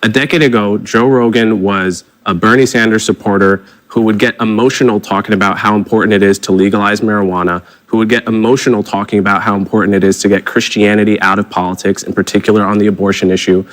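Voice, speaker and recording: A man argues on a televised panel, fluent and methodical, and builds his case point by point. His voice sits fairly low. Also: steady tone, fast talker, few pauses, rough recording. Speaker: TV guest. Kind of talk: televised debate argument.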